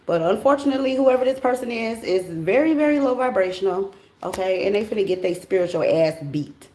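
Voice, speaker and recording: A woman's voice: mid-range voice, a little fast, reverberant, slight background noise. Blunt, profane woman reading tarot cards. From United States. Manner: blunt, profane and animated, with slang. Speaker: tarot reader. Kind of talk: casual tarot reading monologue.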